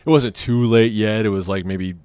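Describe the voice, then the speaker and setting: Low-voiced man telling a rambling story. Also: fairly even intonation, moderate pace, darkish tone, clear, resonant tone, no echo. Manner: self-deprecating, rambling, frequent laughs. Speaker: podcast host. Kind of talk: casual storytelling monologue.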